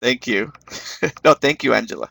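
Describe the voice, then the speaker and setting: A man's voice: medium pitch, animated, normal speed, gravelly, bright, forceful tone. A man leading an online teaching webinar, encouraging the class and repeating words as he explains them. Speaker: webinar instructor.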